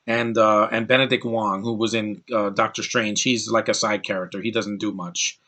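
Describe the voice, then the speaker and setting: A man's voice: lowish voice, flat delivery, moderate pace, bright, forceful tone, dull audio. A man giving a casual, rambling film review as a channel host, with frequent fillers and restarts. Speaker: movie reviewer.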